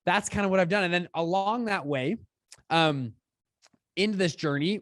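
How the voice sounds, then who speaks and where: A young man in his twenties tells a story as a podcast guest, his voice on the higher side. He talks quickly and with energy, and he acts out quotes with big jumps in pitch. The sound is dry and close, with no room around it. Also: a bit bright, dry recording. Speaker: podcast guest, fund founder. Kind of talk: storytelling in conversation.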